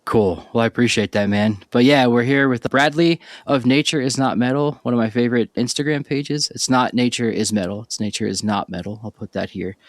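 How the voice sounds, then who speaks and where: A man hosting a podcast interview, talking in a relaxed, rambling way with lots of fillers. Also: medium pitch, fairly quick, few pauses, rough recording. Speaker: podcast host.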